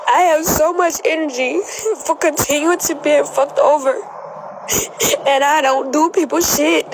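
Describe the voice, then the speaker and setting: A woman's voice: high voice, steady tone, unhurried, background noise. A young adult woman crying as she speaks on a phone livestream, emphatic and defiant, repeating herself. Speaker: social media livestreamer. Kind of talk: emotional livestream monologue.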